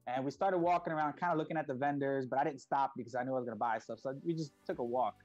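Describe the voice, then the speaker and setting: Animated middle-aged man telling stories. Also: mid-range voice, very fast, no echo, muffled recording, faint music behind. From United States. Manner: animated storyteller, acts out voices, many fillers. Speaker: guest, parent behind a kids' YouTube channel. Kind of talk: casual interview storytelling.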